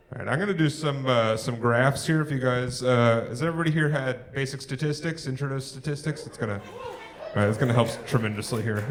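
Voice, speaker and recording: A man's voice: mid-range voice, background noise. Young male stand-up, dry one-liners, crowd work, handheld mic, audible laughter from the house. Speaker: stand-up comedian. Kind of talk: live stand-up set. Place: theatre stage before a live audience. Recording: live theatre with audience laughter. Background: crowd laughing and clapping.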